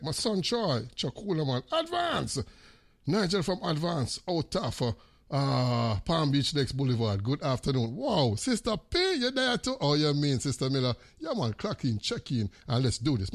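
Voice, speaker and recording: A man with a Jamaican accent hosting a radio show, calling out greetings with repeated, animated shout-outs mixed with patois. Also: mid-range voice, creaky.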